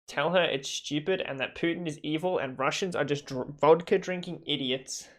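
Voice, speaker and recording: A man commentating live on a video game, reading the dialogue choices aloud with joking asides. His voice sits a bit high for a man. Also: normal speed, hardly any pauses, a bit bright. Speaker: game streamer.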